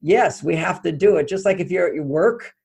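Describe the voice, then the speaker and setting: An older man, an author guest on an interview, telling stories in an animated way and acting out quoted dialogue. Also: high-pitched, fairly quick, creaky, slightly rough. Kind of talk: conversational storytelling interview.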